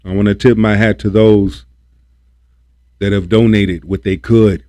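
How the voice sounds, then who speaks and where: A man's voice: lowish voice, level tone, measured pace, warm tone. A man hosting a livestream, ranting about politics in a preachy, repetitive, emphatic way and swearing when he gets worked up. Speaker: livestream host.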